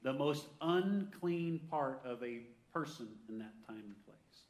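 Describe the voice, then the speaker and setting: A man preaching a sermon with energy, who reads scripture slowly and calls out to the congregation for answers. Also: medium pitch, animated, darkish tone, roomy sound. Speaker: pastor.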